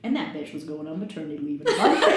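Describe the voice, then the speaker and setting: A woman in her thirties, a podcast guest telling a personal story frankly, swearing freely and laughing often. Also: high voice. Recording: very echoey room, faint noise.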